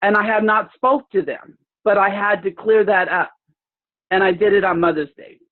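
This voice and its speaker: Woman telling a story over a tinny call. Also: mid-range voice. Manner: rambling, halting, with many restarts. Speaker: participant sharing a story. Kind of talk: emotional personal storytelling. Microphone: video call. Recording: tinny phone-like video call audio.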